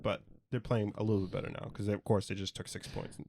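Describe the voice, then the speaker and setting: A man's voice: on the low side, level tone, quick pace, vocal fry, darkish tone, slight background noise. A man co-hosting a casual sports podcast from a home studio, rambling and often trailing off mid-sentence to restart. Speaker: podcast co-host.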